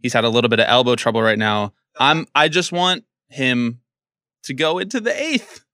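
A man's voice: medium pitch, animated, moderate pace, bright, forceful tone, no room sound, studio quality. A young man on a podcast in casual chat, jokey and teasing, speaking with emphasis. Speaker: podcast panelist.

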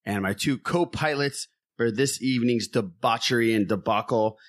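A man's voice: medium pitch, normal speed, dry recording, studio quality. A man hosting a casual podcast, upbeat and jokey, often laughing as he talks. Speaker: podcast host.

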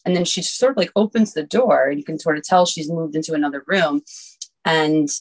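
A woman lawyer speaking as a podcast guest, with a somewhat low voice. She explains things in a measured, conversational way. She often leans on "you know" as she talks. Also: poor audio. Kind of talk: casual interview conversation.

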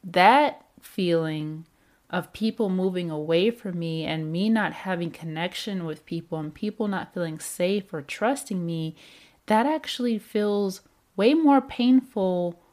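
A woman's voice: fairly low pitch, measured pace, a little mellow. A woman giving a reflective self-help talk about anger, with repeated emphatic phrases and rhetorical questions. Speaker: speaker on anger and emotions.

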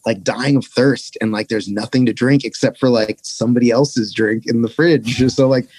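A man's voice: medium pitch, fairly even intonation, normal speed, a little mellow, breathy edge, dry recording. A young man casually telling a rambling, profane touring story as a podcast guest.

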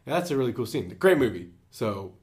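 A man's voice: mid-range voice, big pitch swings, brisk, a little mellow. A man co-hosting a casual movie chat, talking in an enthusiastic, loose way. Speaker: podcast co-host.

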